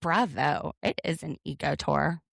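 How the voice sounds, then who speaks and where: A woman's voice: low voice, unhurried, vocal fry, no room sound, studio quality. A woman co-hosting a podcast, recapping a reality show in an opinionated, sarcastic way. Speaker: podcast co-host. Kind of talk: casual recap chat.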